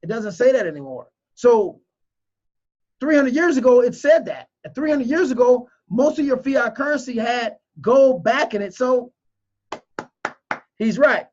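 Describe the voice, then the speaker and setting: A man's voice: extremely high pitch, a little slow, long pauses, darkish tone, highs cut off. A man giving emotional, preachy video commentary, repeating his points with strong emphasis. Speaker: crypto commentator.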